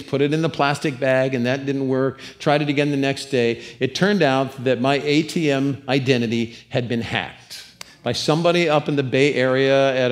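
A man preaching a sermon in church, telling lively stories with humor and asides to the congregation. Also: medium pitch. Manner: animated storytelling with humor and asides. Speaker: pastor.

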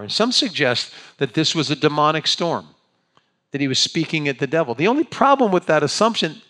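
A man preaching a conversational sermon in a church, leading his congregation in call-and-response and moving between hushed pauses and lively outbursts. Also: mid-range voice. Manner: dramatic pauses, swings from hushed to animated. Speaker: pastor.

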